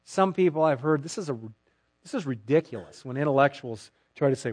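A man preaching a sermon as pastor, sarcastic and animated, acting out mock quotes from people he disagrees with. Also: on the high side, a little fast, dry recording.

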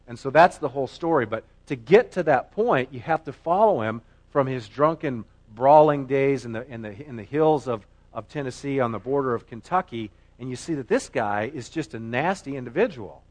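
A man's voice: medium pitch, expressive, normal speed, few pauses. A middle-aged man preaching a sermon as pastor, earnest and emphatic, often repeating himself for weight.

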